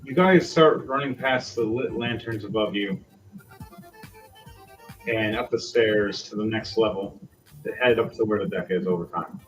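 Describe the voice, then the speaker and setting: A man's voice: lowish voice, measured pace, long pauses, recorded from a distance, faint music behind, low-quality recording. A man running a tabletop role-playing game as game master, narrating in a casual, loose way with fillers.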